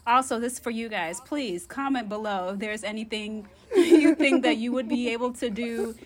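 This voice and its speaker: A woman co-hosting a podcast in casual chat, animated and slangy, laughing often. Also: on the high side, normal speed. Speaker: podcast co-host.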